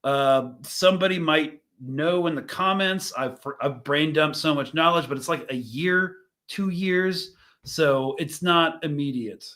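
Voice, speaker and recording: A man's voice: fairly high pitch, a little slow, a bit bright. A young man hosting a live show, commenting casually on news clips, rambling and thinking aloud with fillers and restarts. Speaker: host reacting to news clips.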